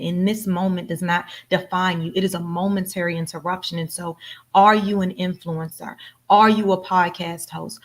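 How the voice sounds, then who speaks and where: A woman hosting a live coaching session, speaking emphatically and repeating phrases for effect. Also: fairly low pitch. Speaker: life coach and host. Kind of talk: motivational live talk to an audience.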